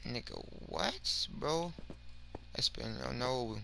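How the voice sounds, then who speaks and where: Gravelly young man rambling over gameplay. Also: medium pitch, expressive, takes it slowly, a little hiss or hum. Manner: slangy, rambling, swings from mumbling to shouting. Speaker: gaming video creator. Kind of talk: casual gameplay commentary.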